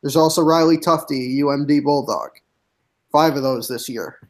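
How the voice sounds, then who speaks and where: A man on a hockey podcast, reading through a team roster name by name in a measured, steady way. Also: a little high. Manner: reads lists of names in a measured, steady way. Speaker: guest hockey analyst.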